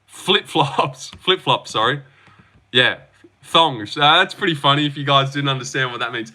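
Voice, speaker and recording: A man's voice: on the high side, expressive, normal speed, bright, forceful tone. A young Australian man hosting a livestream, reading out chat and reacting in loose, slangy talk. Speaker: livestream host.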